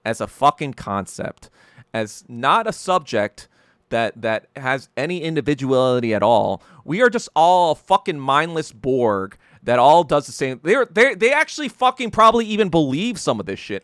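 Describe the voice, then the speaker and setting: A podcast host delivers a fired-up, profane monologue in a fairly high, bright male voice that swings widely up and down. He trips over his words and restarts them when agitated. The sound is clean and dry, with no room around it. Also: sing-song, normal speed, no room sound. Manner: heated, profane ranting.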